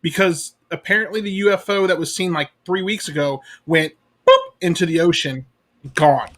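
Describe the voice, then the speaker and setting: A man co-hosting a casual chat, upbeat and curious, firing off quick questions. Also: high voice, a bit bright.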